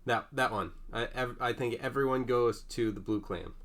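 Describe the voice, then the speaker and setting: A man's voice: medium pitch, normal speed, a bit bright. A man playing a tabletop game, talking casually and hesitantly. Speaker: player. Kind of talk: casual chat at a gaming table.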